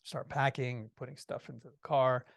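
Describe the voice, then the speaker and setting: A man telling a personal story in a lively, animated way, with many restarts. His voice sits at a middle pitch. The recording is close and dry. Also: moderate pace, gravelly, no room sound. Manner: lively, acts out quoted voices, restarts often. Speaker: podcast guest.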